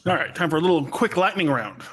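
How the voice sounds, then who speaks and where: A man reads out quick lightning-round questions and options in an upbeat way. His voice sits somewhat high for a man. The interview is relaxed and casual. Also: a crowd in the background. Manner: upbeat, quiz-style delivery.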